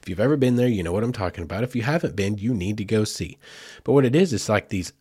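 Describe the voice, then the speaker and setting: A man's voice: on the low side, expressive, fast talker, mellow, breathy edge, no room sound. A man, a father, telling a family story in a casual, rambling way with lots of fillers. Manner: rambling, chatty, with many fillers like "like" and "you know".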